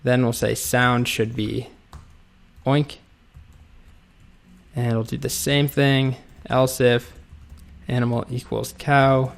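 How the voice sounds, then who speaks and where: With long pauses, this slow, creaky, medium-pitched male voice belongs to a coding instructor recording his screen. He stays relaxed and walks through the lesson one step at a time as he types.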